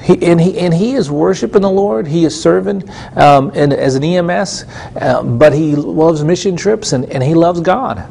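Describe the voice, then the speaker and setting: A man's voice: a little high, expressive, normal speed, gravelly, dark tone, breathy edge. A middle-aged man hosting a Christian TV show, preaching in a conversational, earnest way with repeated phrases and frequent restarts. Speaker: TV ministry host and preacher. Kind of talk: conversational sermon teaching.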